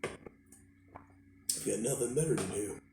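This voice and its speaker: Congested with a cold, a man vlogs about toy collecting indoors at home, chatting loosely into his phone camera while repeating himself and letting sentences trail off. He speaks slowly in a lowish, expressive voice, and the room is echoey with faint noise.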